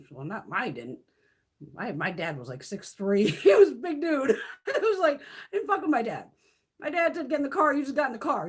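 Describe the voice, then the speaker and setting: A middle-aged woman talks straight to her viewers in a loose livestream rant. Her voice sits high and swings widely as she swears and laughs. She is blunt and unfiltered, never holding back. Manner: blunt, profane and laughing often. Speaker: beauty vlogger.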